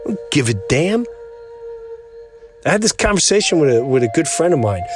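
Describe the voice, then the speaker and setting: A man's voice: on the high side, very animated, moderate pace, music in the background. Man telling a rambling story. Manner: acts out quoted voices. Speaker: podcast host. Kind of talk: casual monologue.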